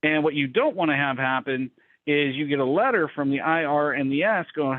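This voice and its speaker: A man's voice: a little fast, no room sound. A man coaching small business owners on a call, telling a story bluntly and acting out quotes. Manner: blunt, animated, acts out quotes in a higher voice. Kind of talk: casual storytelling talk. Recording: tinny phone-like call line.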